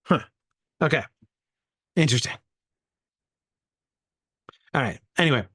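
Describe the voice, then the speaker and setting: A man's voice: mid-range voice, lively intonation, a little slow, a bit bright, breathy edge, no room sound, studio quality. A man leading an informal Bible study, thinking aloud and sounding out Greek words as he goes.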